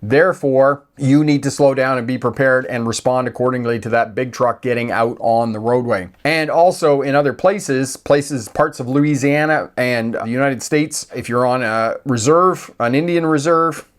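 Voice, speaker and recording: A man's voice: mid-range voice, moderate pace, hardly any pauses. A man from Canada, a driving instructor, giving a casual live-stream driving lesson with frequent check-ins. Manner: conversational, checks in with "okay?" and "all right?".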